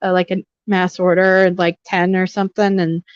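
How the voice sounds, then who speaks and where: Brief: young female stream host, smooth voice, rambling chat, dry lo-fi sound. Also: fairly low pitch, level tone, moderate pace, dry recording. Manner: chatty, rambling with many fillers. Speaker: livestream host. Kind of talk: casual livestream chat. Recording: slightly dull lo-fi audio.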